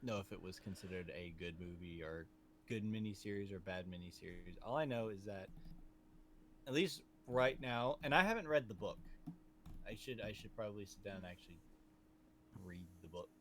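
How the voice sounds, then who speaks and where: A man co-hosting a podcast, talking casually about a movie in a rambling, animated way that often trails off and restarts. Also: lowish voice, normal speed, slight background noise. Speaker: podcast co-host.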